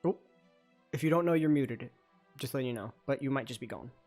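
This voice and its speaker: A man's voice: mid-range voice, fairly quick, a little mellow, faint music behind. A man narrating as dungeon master in a loose, chatty way, with lots of fillers and restarts. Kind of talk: narrating a tabletop game over a call.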